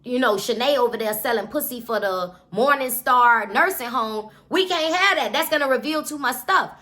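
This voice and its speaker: A woman's voice: a little high, moderate pace, pushed and bright. A woman voicing a scheming older woman who is sweet on the surface and ruthless underneath, bossy and cussing.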